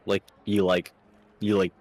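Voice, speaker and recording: A man playing a tabletop game, chatting in a relaxed, unhurried way. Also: low voice. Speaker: player. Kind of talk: casual tabletop role-play.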